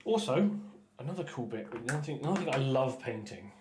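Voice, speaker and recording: A man chatting casually while painting miniatures on a stream, rambling with stumbling restarts and often trailing off quietly. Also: medium pitch, animated, quick pace, roomy sound, a little hiss or hum. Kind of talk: casual painting livestream chat.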